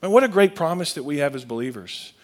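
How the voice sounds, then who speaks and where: A man's voice: a little high, animated, fast. A man, a pastor giving a conversational sermon and reading scripture aloud.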